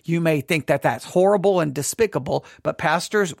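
High-voiced man reviewing a sermon. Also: moderate pace, vocal fry, dry recording, clean studio sound. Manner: rambling, restarts, mimics pastors. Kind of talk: casual commentary.

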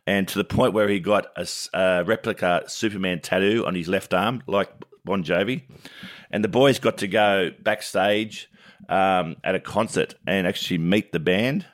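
A man's voice: deep voice, normal speed. A man co-hosting a sports podcast, chatting casually and laughing often as he tells stories.

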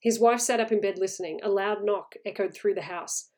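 A woman reading a horror short story aloud in a measured, suspenseful way. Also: mid-range voice, steady tone, darkish tone.

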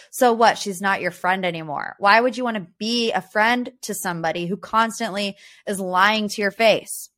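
With a medium-pitched, slightly bright voice, this female podcast host riffs on pop culture in a chatty, sarcastic, opinionated way. She throws out rhetorical questions and sprinkles in plenty of "like" and "you know."

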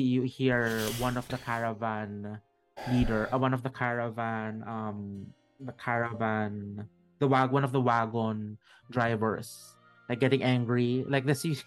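Rambling male game master. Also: mid-range voice. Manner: rambling, many fillers and restarts. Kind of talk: narrating a tabletop game.

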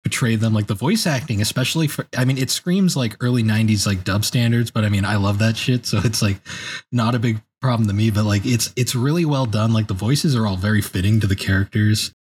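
A man's voice: on the low side, a little fast, breathy edge. A man appearing as a podcast guest, chatting in a laid-back way and laughing easily. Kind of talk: casual chat.

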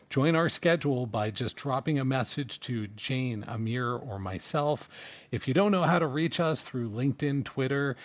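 A man's voice: medium pitch, lo-fi sound. A man with a New York accent hosting a live audio podcast, chatty and conversational with frequent fillers. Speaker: podcast host. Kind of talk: casual live podcast chat.

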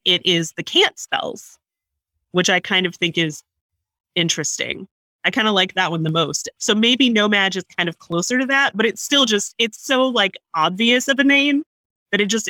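A woman co-hosting a podcast, chatting casually about a movie in an animated, mock-offended way. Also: medium pitch, no echo. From United States. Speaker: podcast co-host. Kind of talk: casual movie review chat.

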